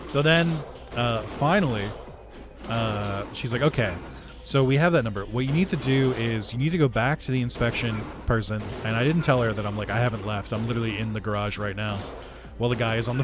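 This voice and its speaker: A man, a gaming video creator, casually telling a story over gameplay, animated, swearing and laughing as he acts out what people said. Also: mid-range voice.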